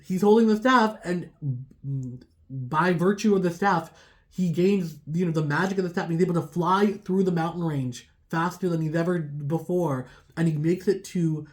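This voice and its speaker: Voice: mid-range voice, moderate pace. Chatty storyteller full of fillers. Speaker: tarot reader. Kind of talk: casual storytelling.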